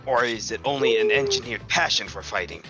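A man's voice: mid-range voice, a little fast, loud music behind the voice, lightly acted. A man in a live fan dub voicing an earnest, fight-obsessed young boxer who gets intense and stumbles over words.

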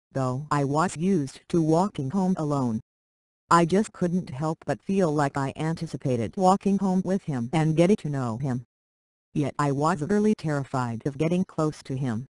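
Synthetic storyteller, steady mid-range delivery, dry close recording. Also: medium pitch, dry recording, rough recording. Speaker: narrator. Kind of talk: reading a short story aloud.

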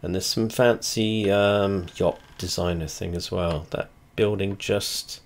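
A low-pitched man speaks slowly in a steady tone, with slight background noise audible. He's a video creator rambling casually over a flight simulator, swearing a lot, blunt and chatty, and he often trails off and restarts.

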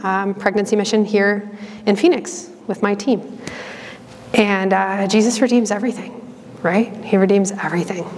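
A woman's voice: medium pitch, a little hiss or hum. A woman sharing her story in an earnest, chatty way. Her voice sits mid-range and carries a long reverb from a big hall. She stops and restarts often, with lots of fillers. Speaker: religious sister giving a talk. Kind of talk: personal testimony talk. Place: campus ministry hall.

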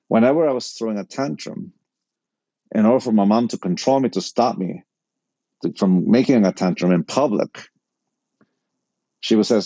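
A middle-aged man tells a personal story with a mellow, dark-toned voice and acts out each line of dialogue. The sound is close and dry, a little dull and lo-fi. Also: fairly low pitch, no echo. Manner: animated anecdote-telling, quotes people in dialogue. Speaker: podcast guest.

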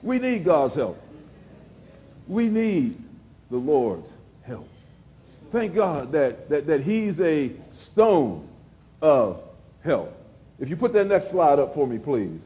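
A man preaching a sermon as pastor, repeating phrases for emphasis and dropping suddenly to a hush. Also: on the high side, big pitch swings, slow, long pauses.

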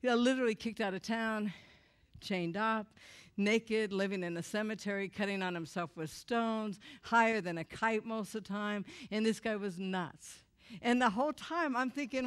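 A woman's voice: medium pitch, normal speed, clean tone. A woman giving a personal testimony to a church audience, candid and emotional with wry humor.

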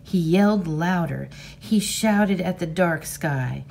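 Slow, gravelly woman reading aloud. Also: fairly low pitch, slight background noise. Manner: measured, expressive storybook reading. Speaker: teacher.

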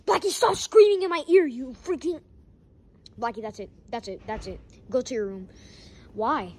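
A woman's voice: high-pitched, moderate pace, long pauses, a little mellow, husky. A woman improvising a plushie skit, voicing every character and switching voices, often scolding.

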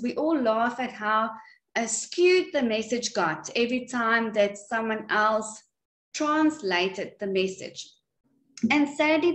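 A woman teaching a Bible study at home in an earnest, unhurried way with some fillers. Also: mid-range voice. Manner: slow, earnest, with frequent fillers. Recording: echoey room.

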